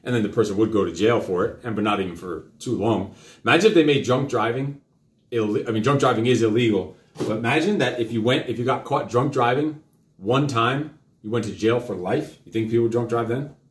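A middle-aged man hosting a live talk show, lecturing his child in a fast, rambling way full of questions. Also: mid-range voice. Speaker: host. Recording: roomy echo.

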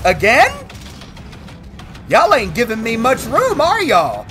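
Man, unhurried gaming commentary, trash-talks and whoops, faint music under. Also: very high-pitched. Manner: excitable, trash-talking, whoops and laughs. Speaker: gaming video host. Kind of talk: let's play commentary.

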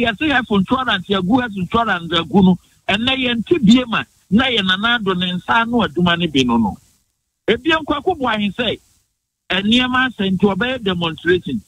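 On a morning radio program, a Ghanaian-accented guest from the Bono region fires off a heated political argument, speaking emphatically and quickly while slipping in English phrases. His voice sits high and sounds fairly bright. Slight background noise runs under the low-quality recording.

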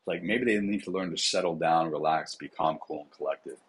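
Husky low-voiced man, casual chat. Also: a little fast, poor audio. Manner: casual, conversational, many "like" fillers. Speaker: psychotherapist and coach. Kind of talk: podcast interview.

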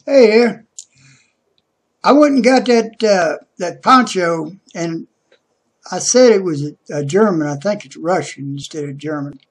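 Slow-talking man on a webcam. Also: sits high, expressive, breathy edge. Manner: slow, hesitant, many uh and restarts. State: out of breath. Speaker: vlogger. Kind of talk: casual unboxing vlog.

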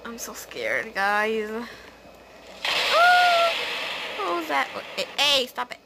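A woman giving casual, excitable let's-play commentary as she plays, chatty and prone to gasps and squeals. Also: on the high side, normal speed, creaky, noisy background. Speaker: gaming video host.

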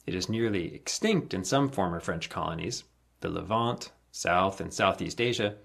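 A man with a low, gravelly voice reads an encyclopedia article aloud. His tone is husky and a little rough, and he moves through long lists in a steady cadence, lifting each new item. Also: moderate pace. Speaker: volunteer reader.

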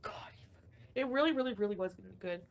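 A young livestream host with a slightly high, expressive voice speaks briskly over a faint hiss or hum. She goes on profane rants between frequent laughs while going through chat comments in her casual stream.

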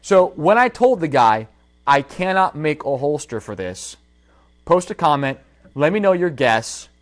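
A man's voice: a little high, unhurried. A man hosting a casual livestream, telling a story from his workshop and talking straight to his viewers. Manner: animated storytelling, addresses viewers directly. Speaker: holster maker and livestream host.

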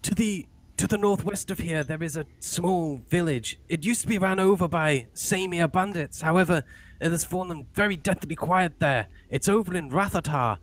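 A man's voice: a little high, normal speed, natural voice. A man voicing a frightened old town elder. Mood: worried pleading. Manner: pleading, anxious, stammering.

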